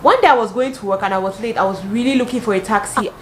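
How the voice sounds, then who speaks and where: A young woman with a Cameroonian English accent, telling dating stories casually in an animated, dramatic way with exclamations. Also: medium pitch, fast, a little hiss or hum. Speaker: vlogger. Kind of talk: casual storytelling. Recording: roomy echo, faint ambience.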